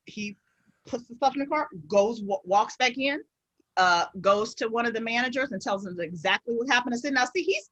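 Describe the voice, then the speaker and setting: A middle-aged woman, an author guest on a podcast, telling stories in a lively, emphatic way and repeating words for emphasis. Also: on the high side, moderate pace, dry recording, poor audio. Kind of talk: casual interview storytelling.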